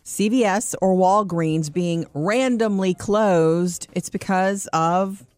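A woman co-hosting a morning show, chatting casually and upbeat, reading quick news items and laughing often. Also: medium pitch, a little mellow, dry recording.

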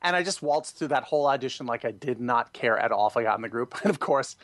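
A man being interviewed, telling stories expressively and acting out quoted voices, with sudden high jumps for emphasis. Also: quick pace, fairly bright tone, no echo. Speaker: guest, singer and former music director. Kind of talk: animated interview storytelling.

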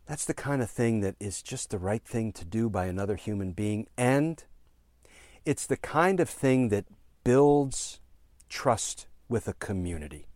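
A man in his fifties, a former prosecutor, telling a story in an earnest, halting way with fillers and emphatic repeated phrases. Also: fairly low pitch, animated, darkish tone, no echo, studio quality. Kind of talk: storytelling commentary.

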